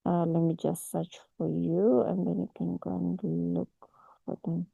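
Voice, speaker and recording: A woman, teaching a casual online forex class over a video call, unhurried and full of restarts. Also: lowish voice, little pitch movement, gravelly, husky, no echo, phone-quality sound, faint music behind. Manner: unhurried, with many restarts and fillers. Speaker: forex mentor.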